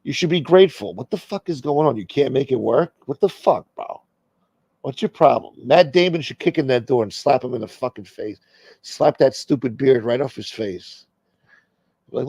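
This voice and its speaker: Brash ranting man, gravelly voice. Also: mid-range voice, lively intonation, brisk, dark tone, dry recording. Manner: brash, ranting, heavy swearing. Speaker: host. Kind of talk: profane comedic rant.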